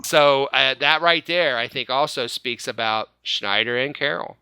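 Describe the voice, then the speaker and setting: A man's voice: medium pitch, measured pace, bright, forceful tone, clean tone, dry recording. A man hosting a casual fan-show podcast, upbeat, laughing often and stumbling over repeated words. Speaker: podcast host.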